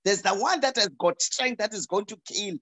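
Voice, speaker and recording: A woman's voice: mid-range voice, normal speed, fairly bright tone. A middle-aged South African woman, a pastor speaking as a talk show guest over a video call, preaching emphatically and often repeating words as she restarts.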